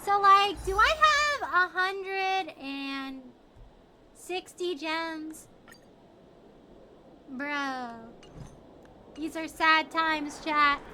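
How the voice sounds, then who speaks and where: Very high-pitched bubbly woman streamer. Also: background noise. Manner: bubbly, excitable, lots of 'like' and 'bro'. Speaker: game streamer. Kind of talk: casual gaming stream chat.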